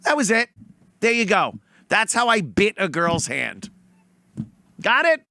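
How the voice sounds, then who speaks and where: Male host, high lively gravelly voice, bright tone, sneering commentary, dry sound. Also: unhurried. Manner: mocking, profane, mimics voices. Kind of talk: reaction commentary on clips.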